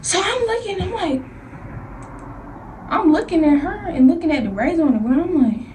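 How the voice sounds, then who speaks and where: A young woman in a casual storytime vlog, animated and slangy, acting out the scenes as she talks. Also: very high-pitched, normal speed, slight background noise. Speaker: vlogger. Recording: echoey room, voice from a distance.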